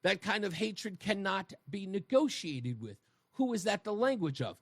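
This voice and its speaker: A man's voice: sits high, lively intonation, normal speed, no echo, studio quality. A man hosting a talk radio show, delivering an emphatic monologue and speaking straight to his listeners with rhetorical questions. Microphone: studio microphone.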